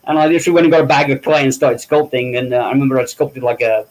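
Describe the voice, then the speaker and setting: A middle-aged Englishman speaks at a medium pitch as a guest in a relaxed interview. He tells his stories loosely and acts out the people he quotes, often laughing at himself. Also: rapid-fire, rough recording. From England. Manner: storytelling, acts out quoted voices, self-deprecating laughs. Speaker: interview guest, makeup effects artist. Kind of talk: casual anecdotal interview.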